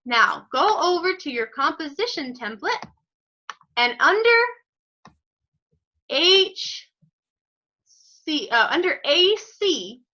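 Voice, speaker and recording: Music teacher, woman, bright lively high voice, encouraging, lo-fi sound. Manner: encouraging, praises students by name; slow, step-by-step instructions. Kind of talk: online group music lesson. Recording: dull lo-fi audio.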